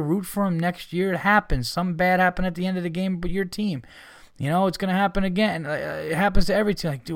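A man's voice: high voice, dry recording, clean studio sound. A man hosting a podcast, rambling casually with lots of swearing, fillers and restarts. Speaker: podcast host.

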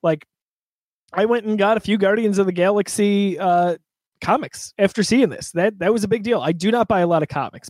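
Guy with a high voice rambling casually about a movie, dry close mic. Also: no room sound. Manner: flustered, apologetic, laughing. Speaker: podcast co-host. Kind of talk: casual chat.

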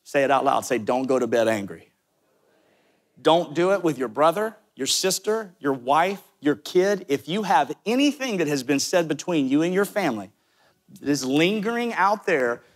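A man with a Southern US accent preaching a sermon, talking directly to his listeners with quick asides. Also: on the high side, animated. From American South. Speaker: pastor.

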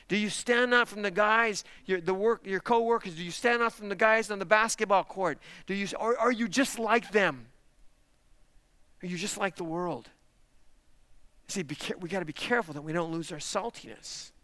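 A man's voice: high voice, sharp tone, smooth, no room sound. A man, a pastor, preaching a sermon with emphatic rhetorical questions and direct appeals to the congregation. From parents lived in Texas.

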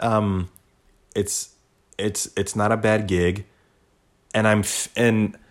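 A man hosting a podcast, rambling in a casual, profane, laid-back monologue. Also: fairly low pitch. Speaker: podcast host.

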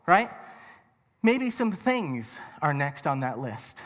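A man with a high voice preaches to a crowd, chatting and joking and tossing out questions. The sound carries a long echo of a big hall behind him. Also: sing-song, slow pace, fairly bright tone. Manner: conversational and joking with the audience, rhetorical questions. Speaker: pastor. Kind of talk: sermon. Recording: reverberant hall.

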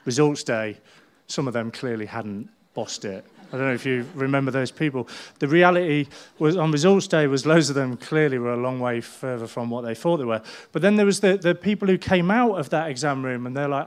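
A man's voice: on the high side, lively intonation, brisk. Brief: middle-aged male pastor, conversational sermon, funny anecdotes. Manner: chatty storytelling with humour.

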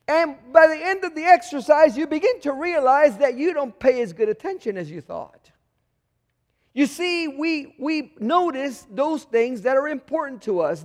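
A man preaching a sermon as pastor, conversational and full of rhetorical questions, acting out the voices he quotes. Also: extremely high pitch. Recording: long reverb of a large hall.

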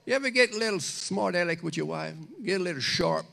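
Man, pastor, sermon, conversational, animated, gravelly voice. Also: high voice, fast. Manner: conversational, animated, speaking directly to the congregation.

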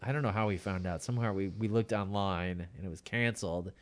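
A man hosting a podcast in casual comedic chat, laughing mid-sentence and letting his sentences trail off quietly. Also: deep voice, brisk. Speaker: podcast host.

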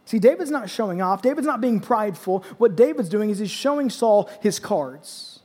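A man's voice: sits high, animated, normal speed, slightly rough. A man preaching a sermon, acting out scripture passages with rising intensity and emphatic repetition. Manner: dramatic scripture reading, rising to shouts. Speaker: pastor. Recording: long hall reverb.

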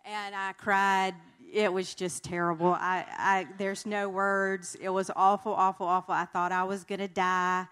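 A woman's voice: mid-range voice, flat delivery, unhurried, few pauses, a bit bright, smooth. A woman from North Carolina giving a candid, earnest personal testimony at a marriage conference, talking with many fillers.

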